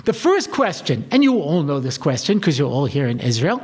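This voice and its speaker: A man, a rabbi, telling a story to students in a chatty, animated way, acting out the dialogue and often saying "you know". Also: a little high, fairly quick, few pauses, husky. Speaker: rabbi and lecturer.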